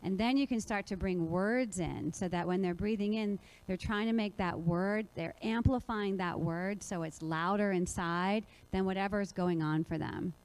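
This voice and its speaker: A woman presenting a kids yoga workshop at a conference, lively and putting questions to the audience. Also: mid-range voice, moderate pace, few pauses, low-quality recording.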